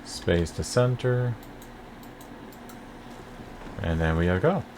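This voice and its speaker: Deep gravelly guy casually talking through a game, rambly. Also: takes it slowly, noisy background. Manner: relaxed, rambling, lots of fillers. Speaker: game channel host.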